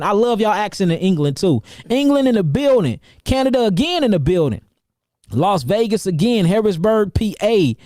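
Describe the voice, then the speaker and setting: A man from St. Louis, an herbalist, giving casual livestream shout-outs to his viewers in an energetic, repetitive, slangy way. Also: sits high, dry recording, studio quality. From St. Louis, Missouri, USA. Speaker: herbalist and seminar host.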